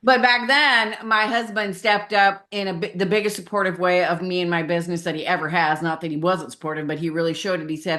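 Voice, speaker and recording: A woman's voice: on the low side, fast talker, hardly any pauses. Candid middle-aged woman telling her story. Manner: candid, animated storyteller who acts out voices in quotes. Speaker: podcast guest, marketing consultant. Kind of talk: casual interview chat.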